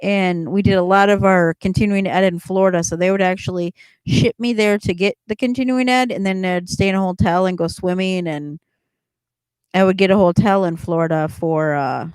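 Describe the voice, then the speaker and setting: A woman's voice: on the low side, fairly even intonation, moderate pace, a little mellow, clear, resonant tone, dry recording. A middle-aged woman hosting a casual livestream chat, rambling as she answers viewers and laughing often. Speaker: livestream host chatting with viewers.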